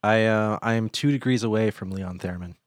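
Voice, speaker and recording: Low-voiced guy co-hosting a chatty podcast, goofy riffs, dry close mic. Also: a little fast, no echo. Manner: playful, rambling, jokey riffs. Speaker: podcast co-host. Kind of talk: casual banter.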